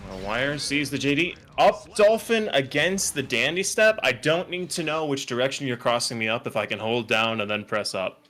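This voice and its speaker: A man commentating an online fighting game tournament, calling moves quickly and joking between plays. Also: mid-range voice. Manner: excitable, joking, rapid technical call-outs. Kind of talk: esports play-by-play commentary. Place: home setup, online broadcast.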